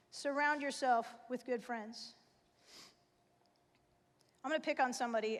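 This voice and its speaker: A woman's voice: sits high, steady tone, moderate pace, long pauses. A woman in her forties giving a casual, emphatic sermon to parents in a church, full of "like" and "right?". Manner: chatty, emphatic, fillers like "like" and "right?". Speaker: church speaker. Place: church sanctuary. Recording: long hall reverb.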